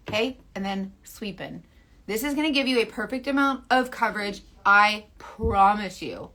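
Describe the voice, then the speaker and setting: A woman in her thirties talks through a makeup tutorial in a slightly high voice. She is chatty, playful and coaxing, and she often drops to a soft near-whisper. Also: a little slow. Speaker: makeup seller.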